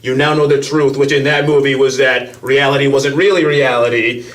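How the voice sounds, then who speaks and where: A man's voice: mid-range voice, fairly even intonation, normal speed, fairly bright tone, far from the mic. Brash man hosting a podcast. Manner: brash, self-assured, storytelling. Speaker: podcast host. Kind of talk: casual podcast chat.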